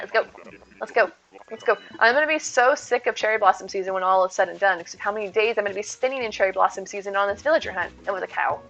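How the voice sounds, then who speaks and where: A woman's voice: medium pitch, sharp tone. A woman live-streaming from home, chatting casually and upbeat with her viewers and thanking them as she plays. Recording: dull lo-fi stream audio.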